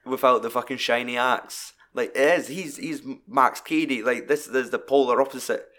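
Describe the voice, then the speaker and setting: A man's voice: medium pitch, normal speed. Sweary Scottish man reviewing a film. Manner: sweary, animated storytelling. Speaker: podcast host. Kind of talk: casual film review chat.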